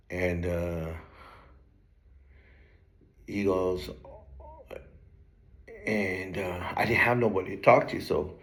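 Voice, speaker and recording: A young man hosting his own channel, telling his life story in a relaxed, slang-heavy way with plenty of swearing. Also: sits low. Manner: laid-back street slang, swears a lot, breaks into laughter. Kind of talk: casual storytelling to camera.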